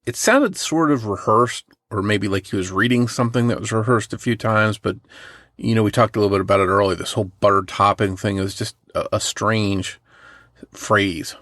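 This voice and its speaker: A man's voice: fairly low pitch, normal speed, a bit bright, dry recording, clean studio sound. A man from New Jersey co-hosting a true crime podcast, talking in a casual, conversational way with hedging asides. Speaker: podcast co-host.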